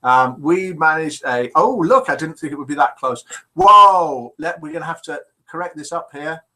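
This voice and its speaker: Older midlands man hosting a call-in show, slightly high, bright, chatty, reads messages aloud. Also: expressive, moderate pace, rough recording. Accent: English Midlands. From England. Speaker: host. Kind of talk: live call-in show chat.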